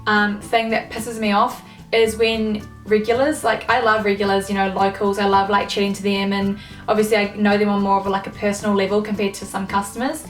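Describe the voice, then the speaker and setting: A woman's voice: mid-range voice, flat delivery, a little fast. Young woman, sweary filler-heavy rant, faint music behind. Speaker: vlogger. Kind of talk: casual ranting monologue. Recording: echoey room, mic at a distance.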